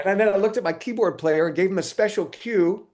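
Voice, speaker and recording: A man being interviewed, telling casual stories in an animated way, acting out quotes and often laughing. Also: sits high, fairly quick. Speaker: interview guest, musician.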